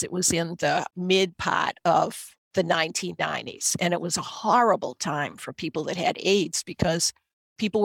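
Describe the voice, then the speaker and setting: A woman's voice: on the low side, creaky, dry recording. A middle-aged woman with a Boston accent, telling a personal story earnestly as a podcast guest.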